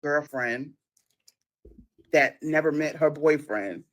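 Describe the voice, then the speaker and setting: A woman in a played clip, telling a story casually in an animated, laughing, dramatic way. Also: deep voice, slow.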